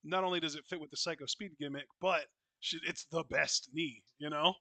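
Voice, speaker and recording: A man co-hosting a live wrestling reaction show, reacting excitably and quickly to the action in casual chat. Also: fairly high pitch, no echo.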